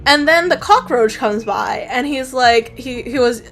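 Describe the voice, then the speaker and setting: Woman comic artist, casual story recap while drawing, somewhat high voice, rambling, faint music under her. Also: a little slow, a bit bright. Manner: rambling, full of fillers and casual swearing.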